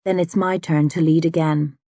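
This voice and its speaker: Low-voiced woman reading an audiobook. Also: fairly even intonation, moderate pace, mellow, dry recording. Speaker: audiobook narrator. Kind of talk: first-person audiobook narration.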